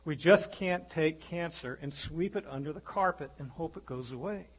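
A man preaching a sermon as pastor, animated, acting out the voices in his stories. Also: on the high side, moderate pace, hardly any pauses, breathy edge, lo-fi sound.

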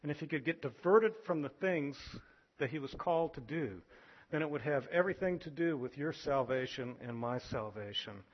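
A man preaching a sermon as pastor, animated, acting out voices from scripture. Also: normal speed, dull audio. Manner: animated, acts out biblical voices with rising pitch.

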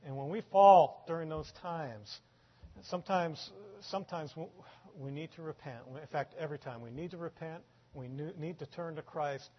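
A man preaching a sermon, his voice sitting a little high for a man. He swings between loud, emphatic peaks and soft asides, often repeating words as he builds. The recording sounds dull and lo-fi. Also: normal speed, husky. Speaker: pastor.

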